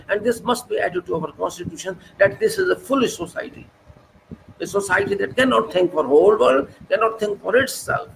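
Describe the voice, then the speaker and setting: A man's voice: high voice, creaky, slight background noise, poor audio. A man from India delivering an impassioned, scolding monologue, full of repeated rhetorical questions. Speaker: political commentator.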